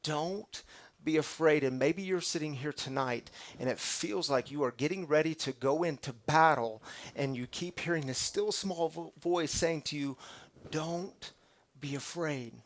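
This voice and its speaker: A man preaching to a live audience, conversational, dropping from loud bursts to near whispers. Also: a little high, normal speed. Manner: dramatic shifts from loud to hushed; conversational, calls the audience y'all. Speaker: pastor. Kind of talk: sermon.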